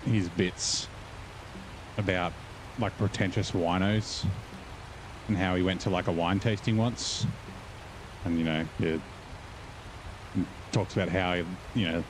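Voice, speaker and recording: A man's voice: deep voice, noisy background. A man giving casual, rambling gameplay commentary and swearing now and then. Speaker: gaming channel host.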